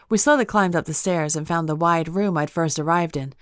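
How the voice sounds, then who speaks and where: Low-voiced woman narrating an audiobook. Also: brisk, few pauses, dry recording, studio quality. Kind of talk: scripted first-person narration.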